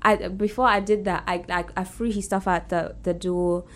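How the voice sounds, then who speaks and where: A woman, a podcast guest in casual chat, talking haltingly with lots of fillers in an even tone. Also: on the low side. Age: 20s.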